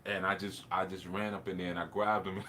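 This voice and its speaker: A man's voice: low-pitched, little pitch movement, fairly quick, pushed and bright. A man, a spiritual teacher, telling a personal story in a rambling, reflective way, with laughs and restarts.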